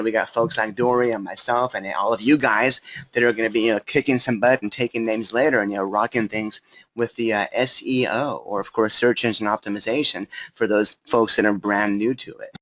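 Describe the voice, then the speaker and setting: A man's voice: medium pitch, a bit bright. An upbeat, chatty man, coaching a live webinar question-and-answer session over a computer mic, with many fillers. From Southern California.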